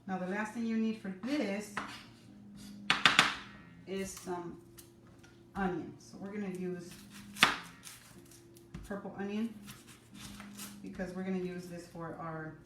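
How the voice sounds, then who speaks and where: A woman's voice: medium pitch, steady tone, slow, pauses often. A middle-aged woman hosting a casual live cooking class from her home kitchen, chatting with viewers by name and teasing herself. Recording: echoey room, mic at a distance, noisy.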